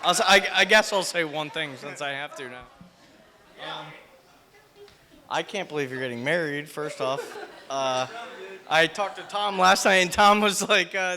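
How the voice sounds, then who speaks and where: A man's voice: a little high, normal speed, pauses often, pushed and bright. A young man giving an unprepared, rambling and teasing toast at his brother's wedding reception. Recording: noisy reception crowd behind.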